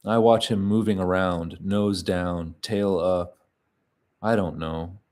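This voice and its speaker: A man giving a measured, quiet reading of literary fiction in the first person, pausing often between short phrases. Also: low voice, fairly even intonation. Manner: slow, measured, quiet delivery with frequent pauses.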